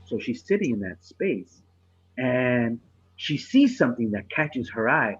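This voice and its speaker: A man, a comedian, casually telling a profane story on a podcast, getting animated and laughing through the punchline. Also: medium pitch, measured pace, husky, dull audio.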